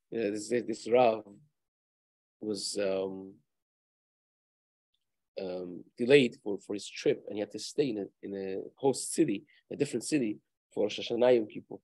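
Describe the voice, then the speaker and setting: A rabbi's voice with a gravelly, somewhat husky grain, recorded dry and close. He teaches a daily Torah class in an easygoing, conversational way, telling stories along the way. His pitch stays in a middle range for a man. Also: a little mellow, dry recording, poor audio. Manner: conversational, tells anecdotes, mixes Hebrew and Yiddish terms. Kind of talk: casual Torah lesson with storytelling.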